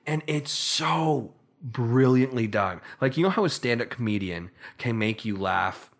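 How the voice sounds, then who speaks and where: A man's voice: medium pitch, expressive, measured pace. A man from Canada co-hosting a casual podcast, telling stories in a rambling way with frequent restarts. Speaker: podcast co-host.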